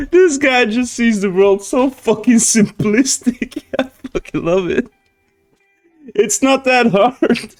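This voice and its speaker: A man's voice: very high-pitched, animated, slow, pauses often, faint music behind. A man hosting a reaction video, talking casually, swearing and laughing often.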